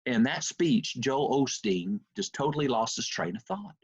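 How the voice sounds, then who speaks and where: A man giving a lecture on a video call, telling stories in an animated, conversational way with many fillers. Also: mid-range voice, moderate pace, husky, no echo. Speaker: university lecturer. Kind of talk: storytelling lecture. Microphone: computer mic on video call. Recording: muffled Zoom audio.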